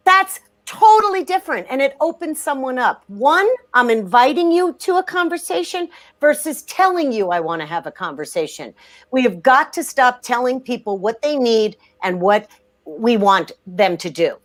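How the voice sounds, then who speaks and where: A woman's voice: high voice, lively intonation, normal speed. A woman who writes about sales, talking as an interview guest with a blunt, emphatic manner and frequent restarts. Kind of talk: conversational interview.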